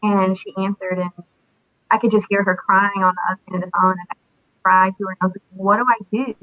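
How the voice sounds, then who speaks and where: A woman's voice: medium pitch, level tone, no echo. Young woman recounting loss, tinny dry audio. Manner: halting, many fillers and pauses. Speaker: interview guest, military widow. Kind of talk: emotional personal recollection.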